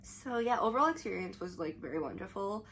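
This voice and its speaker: A woman's voice: mid-range voice, expressive, a little fast, creaky, fairly bright tone. A young adult woman vlogging to camera, telling a story in a chatty, rambling way full of "like" and restarts.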